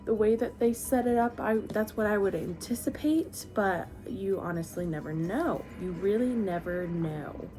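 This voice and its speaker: A woman's voice: medium pitch, moderate pace, few pauses, music in the background. A woman talking emotionally about a book in a casual vlog, rambling and restarting her sentences. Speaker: book reviewer.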